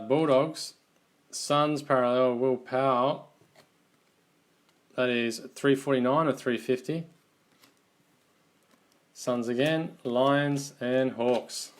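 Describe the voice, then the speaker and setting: An Australian man hosting a live trading card box break, calling out teams and players in an easygoing running commentary. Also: mid-range voice.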